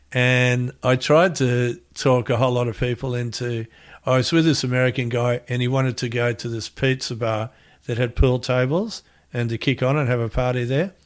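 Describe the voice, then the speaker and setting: A middle-aged man with an Australian accent, telling a rambling anecdote as an interview guest and acting out the quotes. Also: medium pitch.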